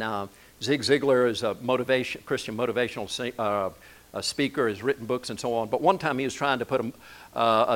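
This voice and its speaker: Guy pastor preaching, chatty storytelling sermon, trips over words now and then, normal pitch. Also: poor audio. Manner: conversational storytelling preacher, frequent restarts.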